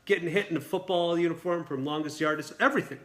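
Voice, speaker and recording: A man, a film director and guest, telling a lively anecdote at a dinner table interview. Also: fairly high pitch. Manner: quick, lively storytelling with acted quotes.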